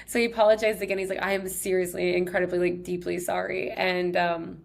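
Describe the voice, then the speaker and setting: A woman's voice: lowish voice, level tone, fairly quick, vocal fry. A woman in her thirties hosting her own podcast, telling personal stories in a chatty, upbeat way full of "like" and "he's like". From Texas. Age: 30s. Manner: chatty, heavy use of "like", emotional and upbeat. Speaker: podcast host. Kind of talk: casual personal storytelling monologue.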